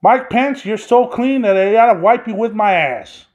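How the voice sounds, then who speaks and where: A man's voice: high voice, moderate pace, darkish tone. A man hosting his own podcast, delivering an angry, profanity-laden solo rant. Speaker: podcast host. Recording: dull lo-fi recording.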